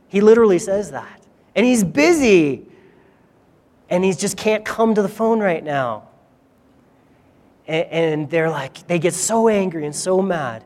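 High-voiced man preaching in a hall. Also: expressive, normal speed, darkish tone. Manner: storytelling, conversational, self-deprecating. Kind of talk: sermon.

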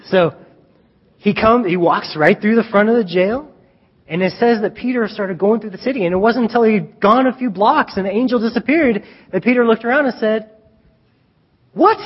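A man with a high, husky voice preaches a lively storytelling sermon, slipping into the voices of the people he describes. The sound is dull and lo-fi, with a long echo from a church hall. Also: fairly quick. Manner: animated, acts out scenes, chuckles at own jokes. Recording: dull reverberant hall recording.

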